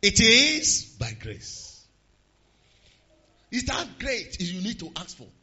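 A male preacher with a very high, piercing bright voice and lively, leaping pitch. He swings from hushed asides to slow, shouted declarations. The recording sounds dull and muffled. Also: husky. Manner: swings from quiet to shouted emphasis, slows hard on key lines. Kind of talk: sermon.

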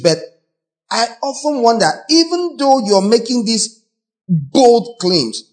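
A Nigerian pastor preaching in a lively, theatrical way. His voice sits high for a man, and he jumps between mocking little voices and sudden shouts. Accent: Nigerian English. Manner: animated, acts out voices and mocks, sudden shouts. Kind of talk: sermon.

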